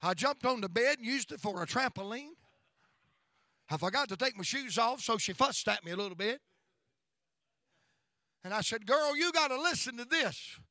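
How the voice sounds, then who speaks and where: High-voiced revival preacher man. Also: lively intonation, moderate pace, pauses often, sharp tone, dry recording, studio quality. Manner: call-and-response preaching, chanting repetition. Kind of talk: revival sermon. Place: church.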